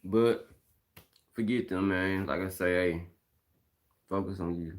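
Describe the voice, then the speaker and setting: Speaking slowly and steadily, this middle-aged man from Mississippi has a low voice and a Southern accent. On a live stream, he's blunt and casual, going over his points again and again in slang.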